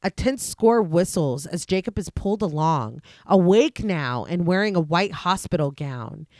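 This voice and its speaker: A woman's voice: fairly low pitch, a little slow, dry recording. Woman narrating a film recap, dry sound. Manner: steady, descriptive narration with dry asides. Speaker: podcast host recapping a film. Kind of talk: reading a scripted plot recap.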